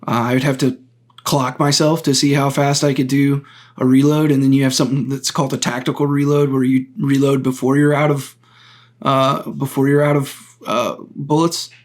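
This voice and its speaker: Flat in delivery and mid-range in voice, a male podcast host offers solo political commentary. He talks through the topic earnestly and deliberately, often pausing to restart a phrase and lay things out step by step.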